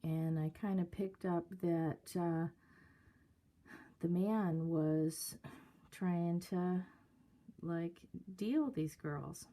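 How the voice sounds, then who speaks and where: A woman's voice: lowish voice, extremely slow, long pauses, dark tone. A woman telling a story to camera in a casual, hesitant way. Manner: hesitant, many fillers. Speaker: vlogger.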